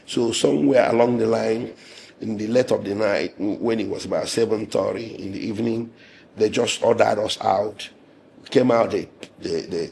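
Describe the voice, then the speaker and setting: A man with a hoarse, gravelly voice recounts his account in an interview. He speaks in a low register, measured and indignant, pausing often with fillers. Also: a little mellow, slight background noise. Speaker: lawyer and interviewee.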